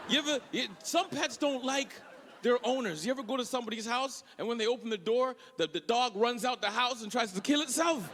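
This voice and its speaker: A man's voice: very high-pitched, fairly quick. A man doing stand-up comedy and introducing the next act, with punchy jokes that rev up the crowd. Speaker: stand-up comic and festival host. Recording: live club with loud crowd noise.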